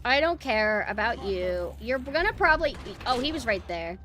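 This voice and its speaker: Loud, lively young woman streamer. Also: on the high side, normal speed, soft background music. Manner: frustrated, swearing, yelling at the game. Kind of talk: live gameplay streaming.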